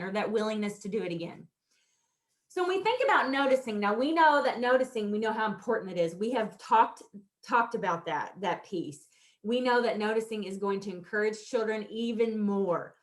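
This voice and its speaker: A woman in her thirties leads a training lesson with an upbeat, animated delivery. Her voice sits a little high, and she often slips into a sing-song tone to model how to praise children, laughing easily between points. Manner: laughs often while explaining. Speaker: teacher trainer.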